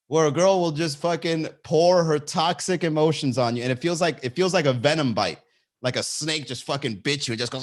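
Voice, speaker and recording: A young man hosting a comedy podcast, telling a dating story with lots of swearing and high-pitched impressions. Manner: animated, swearing, acts out voices in a high pitch. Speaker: podcast host.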